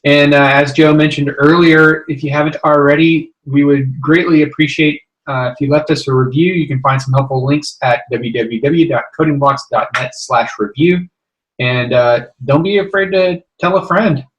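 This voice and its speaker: A man's voice: fairly high pitch, steady tone, moderate pace, highs cut off. A man co-hosting a casual tech podcast, joking playfully and reading out the show's sign-off. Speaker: podcast co-host.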